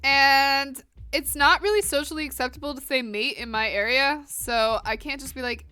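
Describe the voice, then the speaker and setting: A woman's voice: high-pitched, moderate pace, pushed and bright, no room sound, soft background music. A woman in her twenties with an American accent, chatting casually and animatedly with live stream viewers while coloring. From northern United States.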